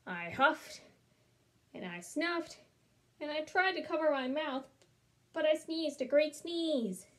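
Wry, confiding storybook wolf, male, read by a woman, a bit high-pitched. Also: expressive, takes it slowly. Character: smooth-talking male wolf defending himself. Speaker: storybook reader. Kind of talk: children's read-aloud.

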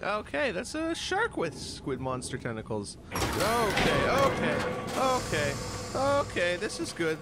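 A Canadian woman plays a horror game for a let's play, reacting with shrieks, nervous muttering and sarcastic jokes. Her voice sits lowish and is very animated, though her pace is slow. Loud background noise and game audio fill the recording.

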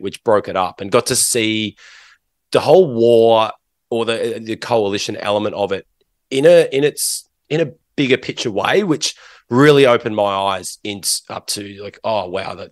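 A middle-aged Australian man with a fairly low voice, speaking as a podcast guest. He talks in long rambling stretches, circling back with restarts and fillers. The sound is dry and close to the mic. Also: no echo. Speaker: interview guest. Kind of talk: casual interview talk.

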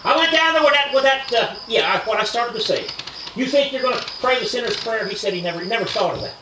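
A man from Kentucky preaching a revival sermon in a tent meeting, telling a story and swinging between hushed passages and shouted emphasis. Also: very high-pitched, animated, fast, background noise. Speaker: evangelist. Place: tent meeting at rodeo grounds. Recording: distant roomy lo-fi recording with crickets.

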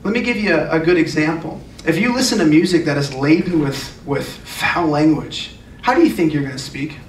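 A man's voice: a little high, expressive, normal speed. A man preaching a sermon as a youth pastor, earnest and emphatic, often repeating his phrases. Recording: echoey room, distant mic, faint noise.

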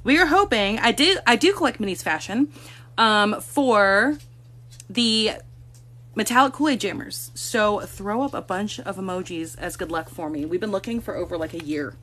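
A woman's voice: mid-range voice, animated, normal speed, fairly bright tone. A woman hosting a casual live stream from a room at home, chatting to viewers and cooing baby talk to her cats.

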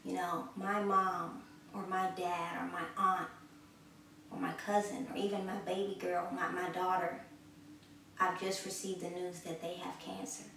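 A woman's voice: lowish voice, flat delivery, unhurried, creaky, fairly bright tone, a little hiss or hum. A woman giving a spoken sermon in an earnest way, repeating phrases for emphasis and swelling in volume when she exhorts. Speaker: preacher. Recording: echoey room, from a distance.

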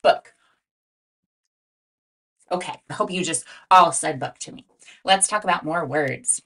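A woman teaching a phonics lesson to young children, sounding out letters and words slowly and asking prompting questions in a sing-song way. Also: low-pitched, bright, forceful tone. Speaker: reading teacher.

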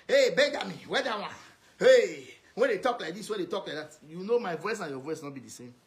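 A man with a high-pitched voice and a Nigerian Pidgin accent, ranting straight at someone in a video message. He scolds and insults, hammering the same put-downs again and again. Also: a bit bright. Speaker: social media commentator.

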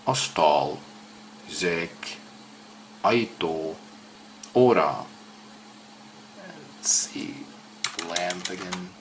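A Swedish-speaking man learning a language walks through a casual self-study session, slowly and hesitantly repeating words aloud. His voice is low, slow, and expressive, with slight background noise.

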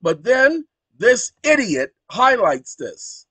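Animated man dictating to his computer, dry sound. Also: very high-pitched, takes it slowly, slightly rough, no room sound. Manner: animated, dictating commands aloud to a voice assistant. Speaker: channel host. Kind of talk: casual screen-share commentary.

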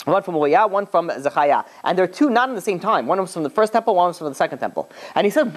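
A man's voice: high voice, animated, fast, few pauses. A man, a rabbi, retelling a rabbinic story as a class in a loose, chatty way with frequent restarts and asides. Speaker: rabbi teaching.

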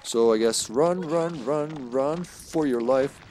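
A man giving live commentary while he plays a game, excitable and joking, swearing freely and calling out to his teammates. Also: mid-range voice, slow pace. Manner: jokey, laughs often. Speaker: streamer.

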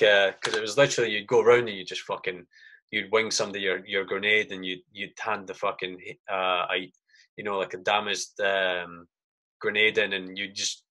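A man's voice: on the low side, bright, forceful tone. A man in his thirties, an army sergeant guest on a podcast, telling war stories casually with heavy swearing and "mate" in every sentence. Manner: swears a lot, says "mate" often; acts out his own past reactions. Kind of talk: casual storytelling.

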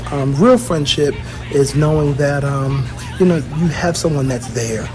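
A man's voice: medium pitch, a little slow. A man who is a bishop, giving a heartfelt and emotional birthday message to his best friend, with many small hesitations. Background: music.

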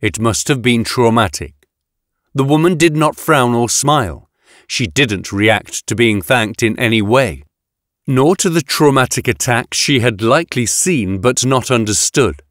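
A man narrating a science-fiction audiobook in an expressive reading on a close studio mic. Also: medium pitch, no echo.

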